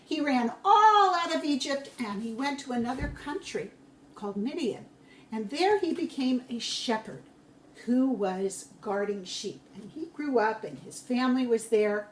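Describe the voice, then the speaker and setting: Woman teacher, storytelling for young children, high voice, slow gentle pace, echoey room. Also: expressive, slight background noise.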